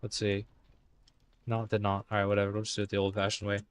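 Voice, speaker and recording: A man hosting a live stream, talking casually and halting as he types commands. He mutters to himself and corrects himself, all in an exaggerated put-on Irish accent. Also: lowish voice, monotone, clear, resonant tone. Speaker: live-stream host coding game commands. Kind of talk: casual live-stream commentary while typing.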